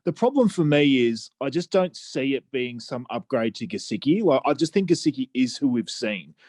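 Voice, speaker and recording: A man's voice: mid-range voice, expressive, moderate pace, a little mellow, dry recording. An Australian man co-hosting a fantasy football podcast, talking casually and hesitantly with frequent restarts. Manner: hesitant, many restarts and "I just think".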